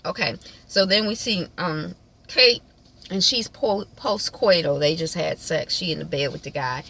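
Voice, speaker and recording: A woman's voice: on the low side, creaky, sharp tone. A woman chatting casually as she recaps a TV episode, with lots of fillers. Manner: chatty, many fillers, quick impressions of characters. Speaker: TV recap vlogger.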